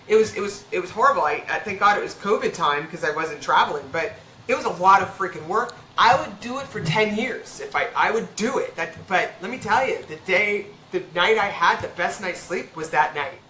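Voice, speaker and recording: A woman veterinarian speaking frankly and casually as a podcast guest, talking in quick bursts with restarts. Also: mid-range voice, animated, sharp tone. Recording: echoey room with faint background hum.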